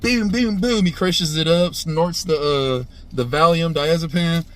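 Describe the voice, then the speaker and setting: A man in his thirties giving a casual, profane movie review, punctuating the retelling with "boom" sound effects and "right?" after nearly every line. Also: measured pace. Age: 30s. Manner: animated, profane, says "right?" constantly.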